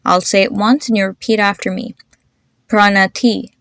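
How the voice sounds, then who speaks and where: Young woman, podcast host, patient and encouraging, slow clear demonstrations, dry close sound. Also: medium pitch, steady tone, dry recording. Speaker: podcast host teaching name pronunciation. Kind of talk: instructional podcast.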